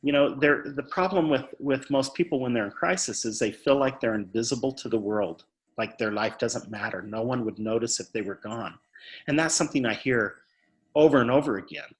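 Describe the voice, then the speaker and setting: A man's voice: medium pitch, fairly quick. Earnest man telling a story. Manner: earnest, repeats words when stressing a point. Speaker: suicide prevention speaker. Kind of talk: earnest storytelling in a podcast interview.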